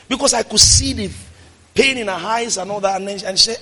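High-voiced Nigerian pastor preaching. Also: male voice, quick pace, husky, in a large hall. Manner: fiery preaching that swings from quiet to shouted declarations. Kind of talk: sermon.

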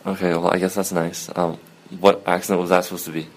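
A man's voice: low-pitched, little pitch movement, brisk. A young man co-hosting a podcast in casual chat, hesitant with many ums and easy giggles. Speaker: podcast co-host.

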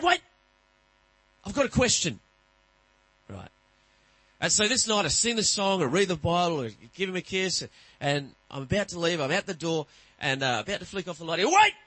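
A middle-aged man preaching a sermon, telling stories and acting out voices with lively energy. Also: sits high, no room sound, poor audio. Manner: animated, acts out voices in anecdotes. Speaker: pastor. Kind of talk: sermon with storytelling.

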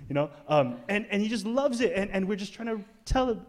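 A pastor delivers a conversational yet emphatic sermon in church, posing questions to the congregation. His voice sits high, and he's animated and brisk.

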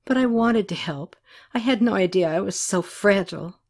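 A woman's voice: medium pitch, normal speed, a little mellow, lightly acted. A woman reading a novel aloud, voicing an earnest young woman doctor who asks urgent, pleading questions. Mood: subdued.

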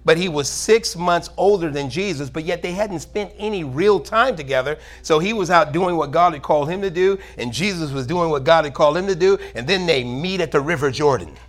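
A man's voice: a little high, fairly quick, few pauses. A male pastor preaching a sermon in church, reading scripture aloud and asking for amens. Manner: preaching, calls for amen, reads scripture aloud.

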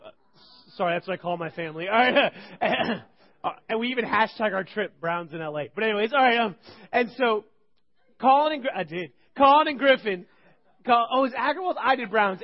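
A man in his thirties preaching to a church group, telling funny stories in an animated, rambling way. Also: high voice. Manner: animated, joking, rambling with restarts. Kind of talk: humorous sermon storytelling. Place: church service. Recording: dull lo-fi recording.

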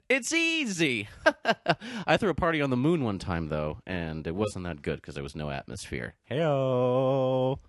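A man's voice: on the high side, a bit bright, no room sound, clean studio sound. A man co-hosting a podcast in a casual chat, goofy and joke-telling, laughing a lot. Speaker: podcast co-host.

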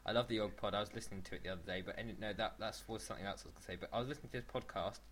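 A man's voice: on the low side, fairly even intonation, racing, a bit bright, a little hiss or hum. A man co-hosting a casual podcast, chatting in a rambling way and often restarting his sentences. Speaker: podcast co-host.

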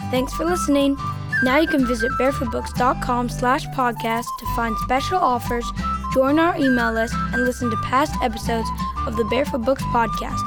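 A woman's voice: sits high, normal speed. A woman host giving an upbeat sign-off at the end of a children's podcast. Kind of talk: cheerful outro. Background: children's music.

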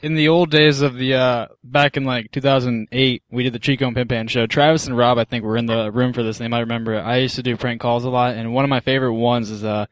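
A man's voice: medium pitch, fairly even intonation, fast talker, few pauses, no echo. A man co-hosting a late-night comedy podcast, telling rambling stories in casual chat. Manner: laid-back, rambling storyteller. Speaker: podcast co-host.

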